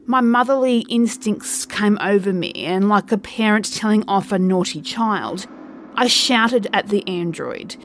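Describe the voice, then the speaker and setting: A woman narrating a first-person horror story in a slow, measured way. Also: medium pitch, slight background noise.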